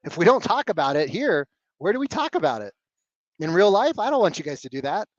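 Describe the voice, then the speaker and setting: A man coaching salespeople live on a video call, blunt and animated, swearing casually. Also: sits high, fairly quick, no room sound, highs cut off.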